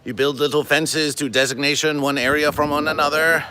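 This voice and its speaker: A man hosting a comedic livestream, talking to his chat in a deadpan, stilted, formal way and calling himself by his show's name. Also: a little high, a little fast, a little hiss or hum. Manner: deadpan, stilted formal phrasing, refers to himself in third person. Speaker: livestream host.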